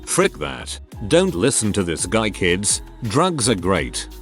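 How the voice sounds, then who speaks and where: A man's voice: on the low side, sing-song, slow, gravelly, faint music behind. A man reading forum stories aloud as the channel's narrator, reading out stray punctuation and usernames.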